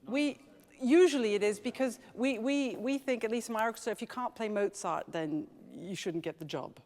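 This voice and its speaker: A woman's voice: on the high side, normal speed, darkish tone. A woman leading a live horn masterclass in a large music college hall, chatty and enthusiastic, laughing often. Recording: echoey hall.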